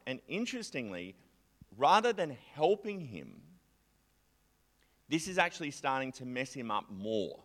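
A man giving a conversational sermon, chatty and animated, sometimes acting out a distressed psalmist's prayers. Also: medium pitch, unhurried. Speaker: preacher.

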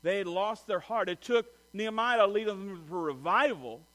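Preaching as a pastor, this man tells stories and performs the voices of the people he quotes, moving between loud and soft passages. He has a high-pitched voice and speaks at a normal speed.

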